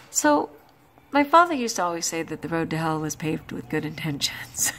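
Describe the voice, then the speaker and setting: A woman's voice: medium pitch, expressive, normal speed, gravelly, a little hiss or hum. An exhausted woman talking through her day in a chatty, emphatic personal vlog. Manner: chatty, emphatic, with frequent laughs and exclamations. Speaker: vlogger.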